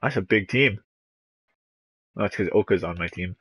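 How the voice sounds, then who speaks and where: A man's voice: low-pitched, normal speed, a bit bright, slightly rough, no room sound. A young man streaming a video game, chatting casually, swearing now and then, and reading game dialogue aloud. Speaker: gaming streamer. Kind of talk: casual gameplay commentary.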